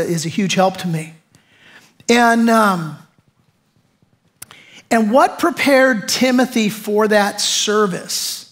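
Man, middle-aged, pastor delivering a chatty, punchy sermon. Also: high-pitched. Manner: conversational, emphatic preaching with rhetorical questions.

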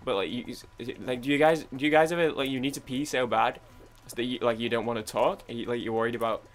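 Faint music plays behind this young British gaming YouTuber as he talks fast in a medium-pitched voice. It's casual gaming commentary, rambling and full of restarts and idle humming, in a British English accent.

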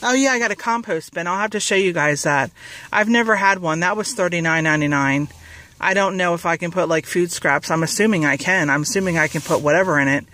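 A woman's voice: fairly low pitch, fast, a bit bright, no echo, poor audio. A woman rambling casually in a haul vlog, with lots of fillers and restarts, a bit out of breath, outdoors in a parking lot. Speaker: vlogger.

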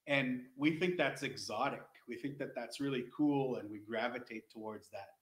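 A man's voice: medium pitch, moderate pace, echoey room, poor audio. A man, an Indigenous educator, explaining culture in an earnest, rambling teaching talk full of restarts.

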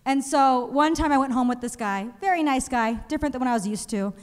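A young woman doing a stand-up comedy set, telling animated stories and acting out other people's voices. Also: sits high, brisk, smooth. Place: comedy stage in a museum venue. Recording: live show in a reverberant hall.

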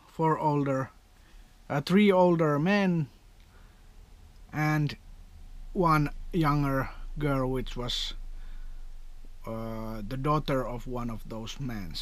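Slow-talking Finnish man, rambling vlog. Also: fairly high pitch. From Finland. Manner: rambling, chatty storyteller with non-native grammar. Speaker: vlogger. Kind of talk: casual vlog chat.

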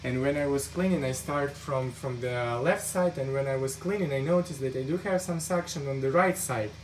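A man whose first language is not English, walking through an air duct cleaning job inside a house, speaking haltingly and searching for words with many restarts. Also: mid-range voice, a little hiss or hum. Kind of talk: walkthrough narration on the job.

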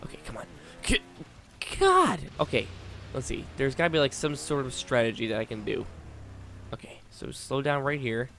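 A man narrating his own gameplay at an ordinary middle pitch. He mutters encouragement under his breath, then bursts out in frustration at the game. His talk is loose and chatty, full of coaxing and complaints. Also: brisk, a little hiss or hum. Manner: talks to himself and the game, swinging between muttering and exasperated outbursts. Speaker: gaming channel host. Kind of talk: live gameplay commentary.

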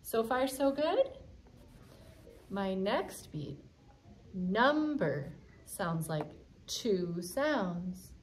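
Animated woman teaching young kids music. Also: very slow, long pauses, a little hiss or hum. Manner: sing-song chanting with high squeals. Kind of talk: kindergarten music lesson.

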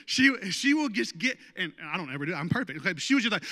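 A man's voice: high-pitched, big pitch swings, quick pace, bright, forceful tone. A man preaching a sermon as pastor, conversational and joking with the congregation. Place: church sanctuary. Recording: long church hall reverb.

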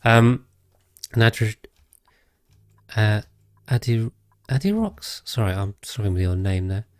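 A man streams a video game live, thinking aloud and chatting casually with viewers as he plays. His voice is fairly low and measured, with no echo and soft music in the background.

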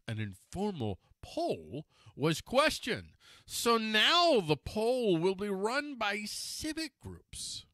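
A man's voice: medium pitch, sharp tone, no room sound, studio quality. A man giving casual, wry political commentary, sarcastic and laughing at his own jabs, stumbling over names and correcting himself.

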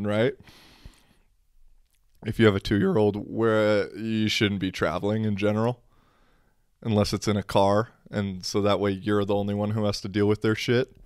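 A man's voice: sits low, dry recording, studio quality. A young man hosting a casual solo podcast, rambling and sarcastic, swearing freely. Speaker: podcast host.

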